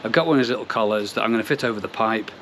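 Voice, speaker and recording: A man's voice: on the low side, racing, noisy background. Rambling man vlogging by his pond. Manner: rambling, digressing, self-deprecating humour. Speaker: koi pond channel host. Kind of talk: casual vlog chat. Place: outdoors in a garden by a pond.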